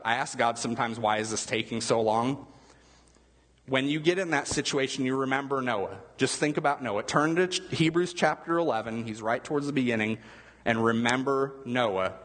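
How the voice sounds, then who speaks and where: A man's voice: medium pitch, a bit bright, big-room sound. A male pastor giving a conversational sermon, asking his listeners questions as he goes. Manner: conversational, asks the room questions.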